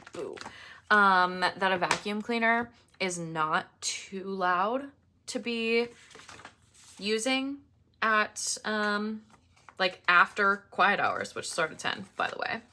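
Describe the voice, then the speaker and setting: Young woman planner vlogger, bright and lively, unhurried, chatty with ranting asides. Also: medium pitch, slight background noise. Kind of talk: casual chat while crafting. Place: apartment.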